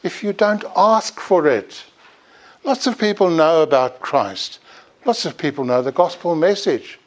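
A man's voice: a little high, lively intonation, measured pace. A man preaching a sermon, earnestly urging his listeners and pleading with rising emphasis.

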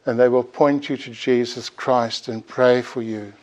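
A male preacher delivers a sermon at an unhurried, deliberate pace. His voice sits in an ordinary middle pitch. He speaks earnestly and pleads with his hearers, pressing harder as he makes his point. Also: fairly even intonation. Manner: earnest, pleading exhortation with rising emphasis.

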